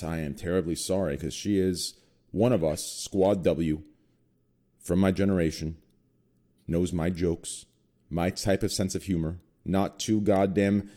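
Crude joking podcast host, low-voiced man. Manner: crude joking banter, drops low and quiet for introductions. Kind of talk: casual group podcast chat.

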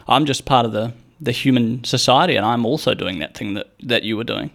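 This young man's voice sits at a medium pitch, brisk and creaky. He rambles through stories in a casual monologue, cursing freely and giving animated voices to the people he quotes.

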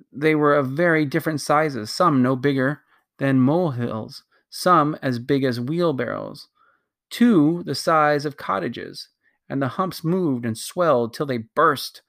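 A narrator reading a children's novel aloud at a steady pace, with occasional slips and restarts. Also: mid-range voice. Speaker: audiobook narrator.

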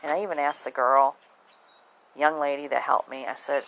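A woman's voice: deep voice, steady tone, normal speed, creaky, a bit bright, rough recording. A woman talking bluntly and casually to her viewers, swearing freely. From southern United States. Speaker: vlogger. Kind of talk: casual monologue to camera.

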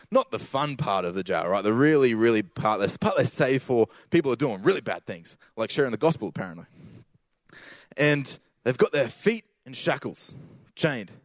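A man's voice: lowish voice, no echo. A man giving a casual sermon with slang, building to emphatic repeated lines.

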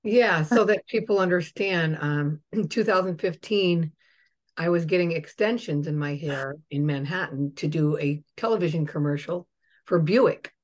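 A woman hosting a podcast, chatting casually and telling a lively anecdote to her guest. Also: sits low, normal speed. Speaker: podcast host. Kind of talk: casual chat, storytelling.

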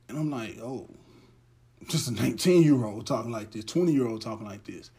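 A man's voice: mid-range voice, animated, normal speed, mellow, husky. A young man hosting a podcast, telling a heartfelt story in a loose, earnest monologue that often restarts its sentences. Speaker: podcast host. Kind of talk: casual monologue.

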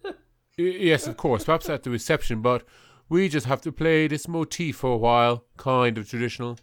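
A man's voice: mid-range voice, normal speed, clear, resonant tone, dry recording. A man in a comedy podcast, speaking politely and hesitantly with some ums. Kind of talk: casual chat, sketch reading.

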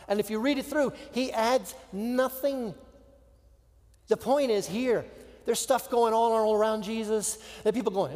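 Man, sermon, higher voice, dramatic pauses, hushed drops, long hall reverb. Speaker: pastor.

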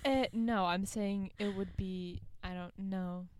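A woman's voice: medium pitch, steady tone, slow pace, background noise. A nineteen-year-old woman co-hosting a podcast in casual chat, often giggling. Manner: giggly, breaks into laughter. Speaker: podcast co-host.

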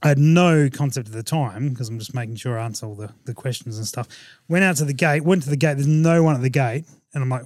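A man hosting a podcast, telling a travel story in a casual, animated way, laughing often and acting out what people said. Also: a little high, moderate pace, no echo. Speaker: podcast host.

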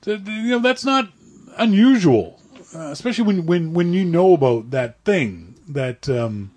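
Husky guy from nova scotia, swoops up and down a lot, chatty and rambly. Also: high voice, moderate pace. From Nova Scotia, Canada. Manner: animated, rambling storyteller with many restarts. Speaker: podcast co-host. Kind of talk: casual chat.

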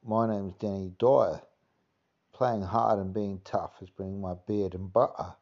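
A man's voice: low-pitched, fairly even intonation, measured pace, a little mellow, muffled recording. A man putting on a crude, swaggering cockney geezer voice for a comic podcast monologue, rambling and packed with filler phrases. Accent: Cockney, put on. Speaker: podcast host.

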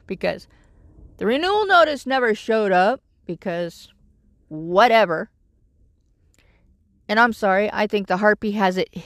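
A middle-aged woman who lives in her vehicle vlogs casually in a medium-pitched voice with no echo. She rambles through an exasperated story about her troubles.

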